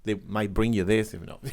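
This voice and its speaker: A man interviewing a guest about pronunciation, talking in an animated way, laughing often and pausing on fillers. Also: on the low side. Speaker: interviewer, English teacher.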